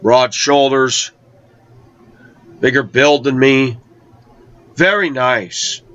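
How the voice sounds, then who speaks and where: A man telling a personal travel story in a conversational way, slowing down to draw out key words. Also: mid-range voice, a bit bright. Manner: conversational, with slow, drawn-out emphasis. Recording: dull lo-fi recording.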